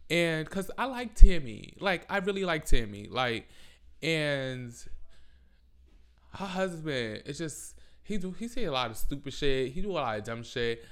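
A man's voice: fairly high pitch, very animated, unhurried, a bit bright, clean tone. A young man hosts a loose solo podcast from his home and talks close into the mic. He rambles and swears freely, pokes fun at himself, and drops "like" constantly. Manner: rambling, profane and self-mocking, full of "like". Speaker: podcast host. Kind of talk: casual solo podcast chat. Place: home with family over.

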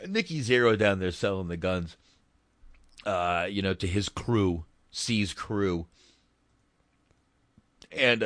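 Brief: male podcast host, profane and rambling, low pitch. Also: lively intonation, takes it slowly, long pauses, fairly bright tone, no echo. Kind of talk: casual chat about a film.

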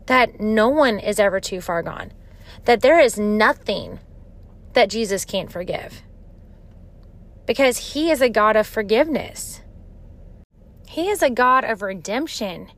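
A woman hosting a podcast and giving an earnest, heartfelt devotional talk. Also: a little high. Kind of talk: devotional teaching.

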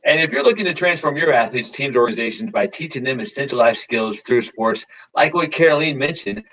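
A man's voice: medium pitch, fairly quick, a bit bright, rough recording. A man from the American Midwest who hosts a podcast, friendly and heavy on fillers. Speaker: podcast host. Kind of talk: casual podcast hosting.

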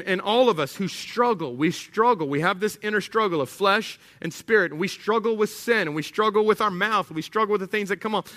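Guy preaching, chatty and animated, bright slightly high voice. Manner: conversational, animated, acts out little scenes. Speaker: pastor. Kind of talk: sermon.

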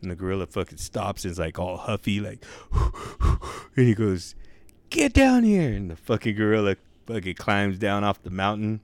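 A man's voice: lowish voice, fairly even intonation, no echo. Profane slangy man telling a joke. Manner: profane, drawn-out slangy delivery. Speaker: joke teller. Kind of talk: casual storytelling of a crude joke.

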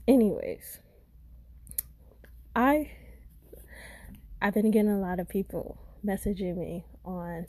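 A woman from Florida vents in a casual podcast rant, blunt and exasperated, swearing at every turn. Her voice has a mellow, warm tone at a middle pitch. The recording is dry and close, with no room sound. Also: slightly rough, no room sound. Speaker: podcast host.

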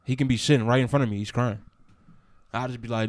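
A young man co-hosting a casual podcast chat, laid-back and rambling, often dropping to a low mutter. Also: fairly even intonation, fast talker, clean tone, dry recording. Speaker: podcast co-host.

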